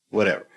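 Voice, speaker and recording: A man's voice: very high voice, very noisy. Profane male stand-up comic, live club. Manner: loose, profane, rambling anecdotes. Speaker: stand-up comedian. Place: comedy club stage.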